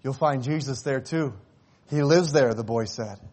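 A man preaching a sermon, telling a story and rising to impassioned cries before dropping to hushed, tender tones. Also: mid-range voice, unhurried. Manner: swells to impassioned shouting at climaxes, drops to hushed tones.

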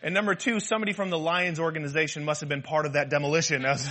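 Pastor, man with a high voice, lively and joking from the pulpit. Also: very fast, background noise. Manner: animated, humorous preaching with rhetorical repetition. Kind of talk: sermon.

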